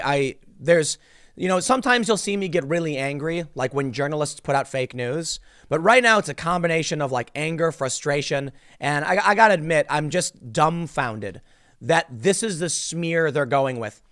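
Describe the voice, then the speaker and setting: A man's voice: on the high side, fairly bright tone. A man in his thirties hosting a solo commentary video, ranting in an exasperated, sarcastic way. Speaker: political commentator.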